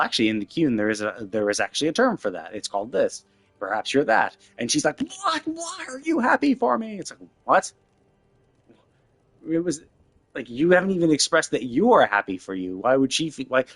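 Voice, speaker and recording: A man's voice: medium pitch, no room sound. Exasperated rambling male streamer. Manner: exasperated, rambling with frequent restarts and fillers. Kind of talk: casual game commentary rant.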